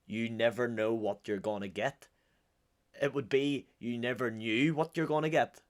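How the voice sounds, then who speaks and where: A man's voice: mid-range voice, normal speed. A man with a Northern Irish accent hosting and joking his way through casual reaction commentary. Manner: joking, chatty, offhand. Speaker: host.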